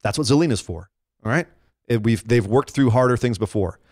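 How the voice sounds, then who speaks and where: Excitable man recapping wrestling. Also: medium pitch, a little fast, dry recording, clean studio sound. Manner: excitable, rambling with restarts. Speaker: podcast co-host. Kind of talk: casual wrestling chat.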